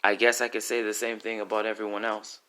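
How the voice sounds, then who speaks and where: A man's voice: on the low side, level tone, fast talker, sharp tone. A man performing an emotional spoken-word story, intense and pleading.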